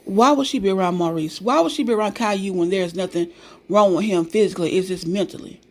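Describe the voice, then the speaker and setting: A woman's voice: medium pitch, fast talker. A woman giving a sassy, opinionated casual recap of a reality show, talking straight to her viewers in slang.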